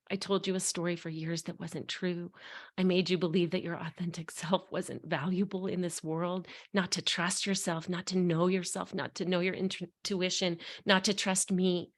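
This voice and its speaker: A woman's voice: on the low side, normal speed, fairly bright tone. A middle-aged woman, a coach appearing as a guest, frankly and earnestly recounting a personal story in conversation, openly emotional.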